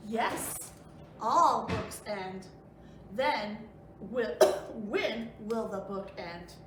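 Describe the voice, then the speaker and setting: A woman voicing a cautious, fretful male elephant from a storybook, talking slowly and puzzling things out. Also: medium pitch, noisy background, pitched below the performer's own voice. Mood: worried. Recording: roomy room, voice a bit off-mic.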